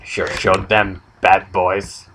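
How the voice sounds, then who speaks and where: A young man with a lowish voice spins off-the-cuff absurd stories in a rambling, deadpan way. There is a faint hiss under the recording, like a casual home podcast. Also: slow, poor audio. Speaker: comedy podcast host. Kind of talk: rambling improvised comedy chat.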